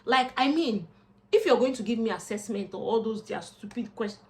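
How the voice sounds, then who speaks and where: Speaking a little fast with a voice on the high side, a young woman with a Nigerian accent vlogs casually to camera as a job seeker. She's expressive and slips into Pidgin asides.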